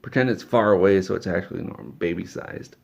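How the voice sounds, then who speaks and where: Low gravelly guy rambling thru a silly made-up story, stammers a lot, lo-fi sound. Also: quick pace. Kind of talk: absurd comedic storytelling.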